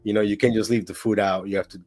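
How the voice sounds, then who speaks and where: Male guest, gig driver, slightly low voice, dry close recording, rambling casual delivery. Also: little pitch movement, quick pace, a little mellow, no room sound, soft background music. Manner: rambling, many "like" and "you know". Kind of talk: casual interview chat.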